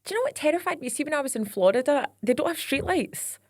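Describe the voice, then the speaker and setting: A woman's voice: high-pitched, sing-song, fast, dry recording, clean studio sound. A Scottish woman hosting a casual chat podcast, chatty and playful, laughing along with her guest. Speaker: podcast host.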